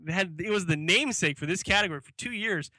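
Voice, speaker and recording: A man's voice: sits high, fast talker, sharp tone, dry recording. A man co-hosting a sports podcast, chatting casually and easygoing as he runs through awards with his friend. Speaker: podcast co-host.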